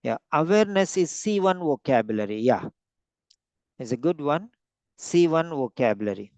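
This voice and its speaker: A man teaching vocabulary in an online lesson, slowly repeating and stretching out each word for emphasis. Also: a little high, lively intonation, a little mellow, no room sound. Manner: slow, repeats words, stretches them out to stress them. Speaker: English teacher.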